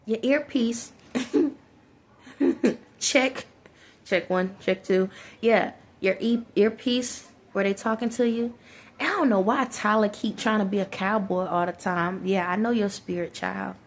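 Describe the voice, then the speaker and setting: A woman talks casually to her viewers in a rambling vlog rant. She circles back on her own points and often breaks into laughter. Her voice sits at an ordinary middle pitch. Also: unhurried. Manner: rambling, repetitive ranting with frequent laughter; colloquial, addresses viewers as y'all. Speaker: vlogger.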